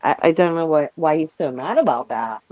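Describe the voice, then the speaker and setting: A woman's voice: brisk, no echo, dull audio. A middle-aged woman hosting a casual panel chat, telling a story with lots of swearing and acting out what others said. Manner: animated, swearing, acts out quotes in a higher voice. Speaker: panel host.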